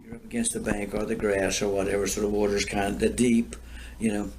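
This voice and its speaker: A man's voice: lowish voice, flat delivery, a little fast, darkish tone, a little hiss or hum. An older man from Florida telling rambling stories in a casual chat, repeating himself and laughing at his own tales. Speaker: storyteller guest. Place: outdoors.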